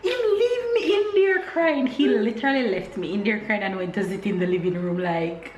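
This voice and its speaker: Slightly fast and medium-pitched, this woman chats casually in a home vlog, a mother spinning stories with plenty of laughter. Her storytelling is playful, animated, and full of laughs, while the dull-sounding audio comes from an echoey room with background noise.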